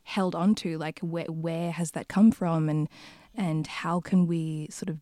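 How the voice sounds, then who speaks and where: A woman's voice: low-pitched, fairly even intonation, a little slow, dark tone, dry recording, studio quality. A young woman from the UK, a podcast guest who speaks hesitantly with many restarts in a reflective casual chat.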